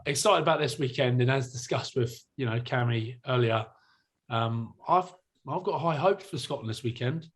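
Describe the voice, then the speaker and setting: A man's voice: medium pitch, moderate pace, slightly rough. A young man co-hosting a rugby podcast, chatting casually, laughing often and swearing freely. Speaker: podcast co-host, rugby player. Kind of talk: casual chat.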